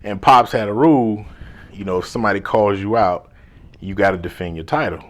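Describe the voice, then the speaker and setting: A man, a life coach, telling a personal story in a laid-back, slangy way, now and then dropping to a hushed whisper. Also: lowish voice, fairly quick. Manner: drops to a hushed whisper when replaying his inner thoughts.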